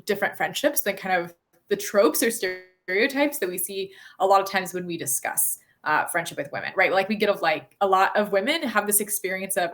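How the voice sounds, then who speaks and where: A woman's voice: medium pitch, fairly quick, fairly bright tone. Woman, 30s, podcast guest; earnest, reflective, filler-heavy delivery. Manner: earnest, thoughtful, frequent fillers and restarts. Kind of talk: conversational interview.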